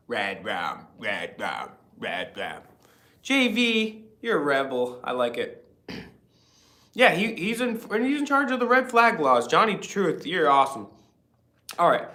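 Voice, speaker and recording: A man's voice: a little high, a bit bright, reverberant. A man hosting a casual livestream chat, rambling and reading viewer comments aloud. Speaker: livestream host.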